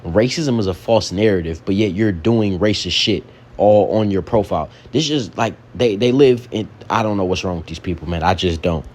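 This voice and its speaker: A man's voice: low-pitched, normal speed, few pauses, a little mellow. A man giving casual reaction commentary as a co-host, talking in slangy, mocking rants that circle back on the same points. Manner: slangy, mocking, repetitive ranting.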